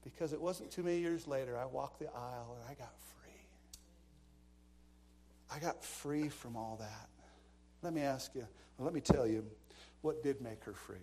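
A man's voice: mid-range voice, normal speed, dark tone. A man preaching a sermon, telling stories with dramatic asides and bursts of laughter. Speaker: pastor. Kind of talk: storytelling sermon.

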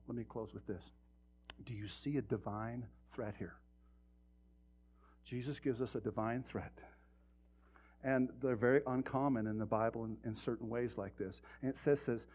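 A man's voice: mid-range voice, darkish tone, husky. A male pastor delivering a sermon in a church, talking directly to the congregation with rhetorical questions. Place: church sanctuary. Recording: muffled lo-fi sermon recording.

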